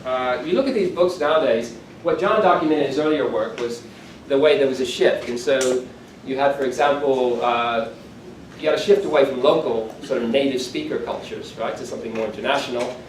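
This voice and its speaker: A man's voice: medium pitch, a little fast. Older man, keynote lecture, casual joking asides, roomy hall sound, faint background hum. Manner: conversational, self-deprecating asides. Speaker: keynote speaker. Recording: echoey hall from far off, faint room ambience.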